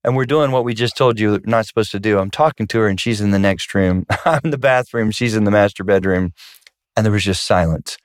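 Telling stories in a fairly quick, clear, resonant voice, a pastor and marriage counselor chats casually with his wife on their podcast. Sometimes he acts out voices with abrupt high pitch jumps, and the clean studio recording has no room sound.

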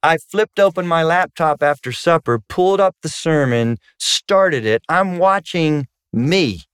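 This pastor and marriage counselor sounds animated, a bit bright, clear and resonant, speaking a little slowly in a dry, studio-quality recording. In a casual podcast chat with his wife he tells stories, now and then acting out voices with sudden high jumps in pitch.

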